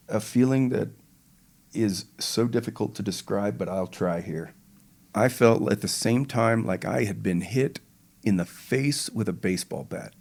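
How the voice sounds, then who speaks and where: Older guy with a really deep voice, slow vivid war story on a podcast. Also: creaky, darkish tone. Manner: slow, measured retelling with vivid detail. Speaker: podcast guest, retired pararescueman. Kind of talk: interview storytelling.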